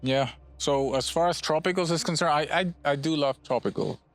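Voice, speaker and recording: A man from Puerto Rico, a bonsai nursery owner, casually explaining his trees in a relaxed, rambling way with frequent restarts outdoors at his nursery. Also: fairly high pitch, normal speed.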